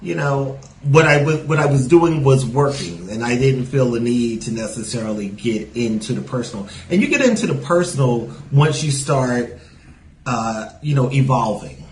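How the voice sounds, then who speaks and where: With a mid-range voice at normal speed, this comedian chats as a podcast guest in a casual interview, scattering "you know" throughout his New York accent with its Southern lilt. The recording is rough and roomy, with slight background noise.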